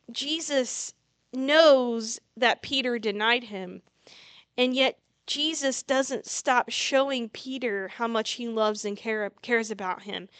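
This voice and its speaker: A woman's voice: on the high side, fairly bright tone, clean tone, no room sound. A woman giving a casual sermon, retelling a story earnestly with frequent restarts. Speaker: preacher.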